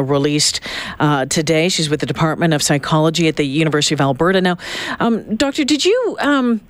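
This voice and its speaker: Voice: medium pitch, dry recording. Radio host, chatty and loose, mid-range voice, dry studio sound. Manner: chatty, rambling, thinks aloud while asking. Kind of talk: casual radio interview.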